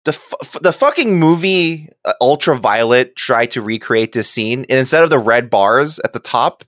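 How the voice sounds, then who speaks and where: A man chatting through a film commentary with a very lively, swinging pitch. He swears freely and laughs a lot. The sound is dry and close. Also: moderate pace, no echo. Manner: profane, animated, laughs often. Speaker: movie commentator. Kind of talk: casual movie commentary chat.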